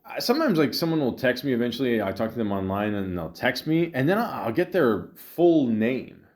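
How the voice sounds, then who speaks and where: A tired man hosting a podcast, telling a long rambling story with lots of fillers, restarts and deadpan asides. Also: medium pitch, fairly quick. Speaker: podcast host. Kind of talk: rambling comedic monologue.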